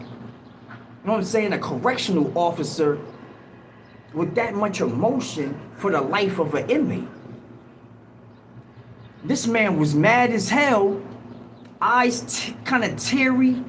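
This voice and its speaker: Animated man telling a prison story. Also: high-pitched. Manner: animated, emphatic street talk with profanity. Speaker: host. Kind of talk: livestream storytelling. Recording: noisy background ambience.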